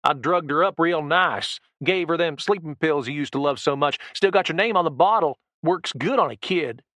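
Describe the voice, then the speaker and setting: A man voicing a vicious redneck thug who screams high-pitched abuse and taunts, reading an audiobook in a dry, close-miked recording. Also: normal speed, fairly bright tone, no echo, lightly acted. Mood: taunting. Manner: screeching, jeering, high-pitched.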